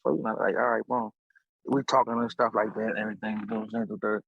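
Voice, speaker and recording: Man, casual storytelling, animated, husky, dull lo-fi recording. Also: fast, no room sound. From Philadelphia. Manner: animated, acts out quotes with big pitch jumps. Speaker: podcast guest.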